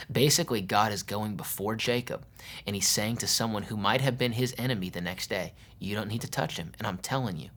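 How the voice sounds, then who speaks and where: A man's voice: fairly low pitch, fairly even intonation, fast, fairly bright tone. A male pastor preaching a sermon, reading scripture aloud and explaining it in a casual, conversational way with modern slang. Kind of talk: sermon with Bible reading and commentary.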